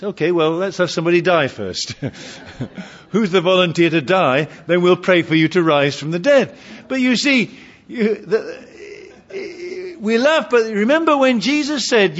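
A man's voice: sits high, sing-song, a little slow. A man preaching a sermon with humour, asking his congregation questions, on a dull lo-fi recording. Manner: humorous, asks the congregation questions.

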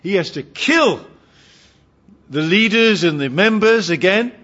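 A man's voice: high voice, very animated, a little slow, fairly bright tone, slightly rough. A man preaching a sermon with humour, asking his congregation questions, on a dull lo-fi recording. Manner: humorous, asks the congregation questions.

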